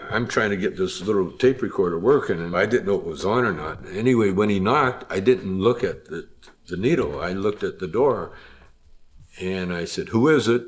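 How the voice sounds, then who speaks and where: A comedian telling rambling stories in an interview, often laughing. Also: male voice, sits low, normal speed. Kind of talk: anecdotal interview storytelling.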